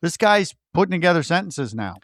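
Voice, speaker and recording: A man's voice: a little high, sing-song, a little fast, fairly bright tone, dry recording, clean studio sound. A man co-hosting a podcast in casual film talk, playful and enthusiastic, quoting characters in put-on voices. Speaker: podcast co-host.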